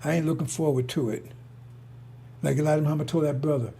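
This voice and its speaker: A man's voice: on the high side, steady tone, quick pace, creaky, mellow, a little hiss or hum. A middle-aged man giving a casual preaching monologue as a religious commentator, rambling and repetitive, blunt and profane.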